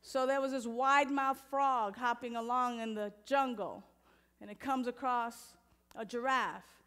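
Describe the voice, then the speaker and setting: A woman minister giving a lively, playful sermon, talking straight to the congregation and moving into a softer guided meditation. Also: fairly high pitch, unhurried, clear, resonant tone.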